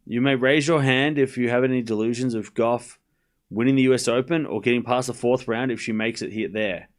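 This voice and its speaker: An Australian man streaming live tennis play-by-play, trading quick, jokey back-and-forth with his chat. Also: medium pitch, steady tone. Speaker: streamer calling a tennis match.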